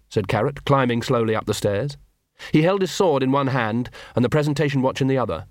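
A man reading a novel aloud as an audiobook narrator, in a measured, dramatic storytelling manner. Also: medium pitch, animated, dry recording, clean studio sound. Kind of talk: scripted narration.

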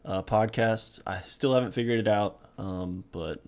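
A young man with a somewhat low voice, co-hosting a casual podcast. He throws in dry, deadpan one-liners between stretches of easy chat. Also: a little slow. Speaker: podcast co-host.

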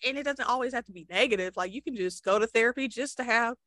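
A woman co-hosting a podcast, chatting casually and telling an animated story in which she acts out her own reactions. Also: on the high side, fast, no room sound, clean studio sound. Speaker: podcast co-host.

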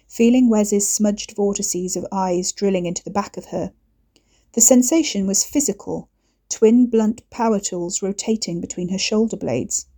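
A woman narrating an audiobook in a steady, measured reading. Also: mid-range voice.

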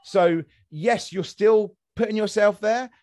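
A man's voice: high-pitched, slow, darkish tone. A man in his thirties hosting a podcast, arguing his opinions with many restarts and repeated words. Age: 30s. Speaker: podcast host. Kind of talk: casual podcast discussion.

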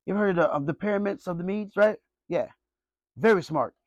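A man pastor preaching a sermon, emphatic, with frequent questions to the congregation and sharp swings between loud high bursts and low quiet asides. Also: normal speed, dry recording, muffled recording.

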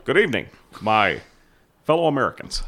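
A man putting on a smooth male statesman who gives a slow, measured address with long pauses. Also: medium pitch, very animated, pushed and bright. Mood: solemn.

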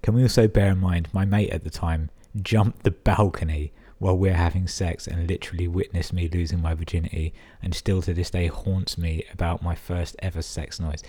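A man's voice: low-pitched, steady tone, moderate pace, few pauses, dark tone, breathy edge. A young English man hosting a podcast, reading listener emails aloud and cutting in with sarcastic, sweary commentary. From England. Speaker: podcast host.

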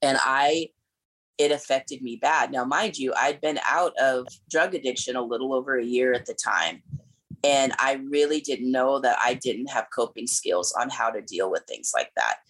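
A woman's voice: a bass voice, animated, normal speed, breathy edge, poor audio. A woman in her forties, a pastor and speaker, giving candid personal testimony as an interview guest, earnest and tumbling over her words with restarts.

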